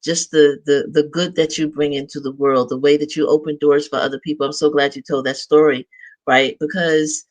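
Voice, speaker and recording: A man's voice: on the high side, level tone, moderate pace. Earnest affirming male interview host. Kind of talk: interview chat.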